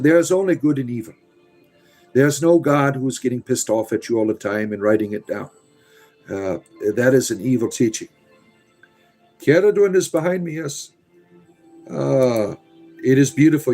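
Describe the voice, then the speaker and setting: A livestream host answering chat speaks at an everyday pitch in a theatrical, storyteller-like accent of his own invention. His casual talk turns emphatic and preachy, dotted with "uh" fillers. The poor audio has a darkish tone, with faint music behind him.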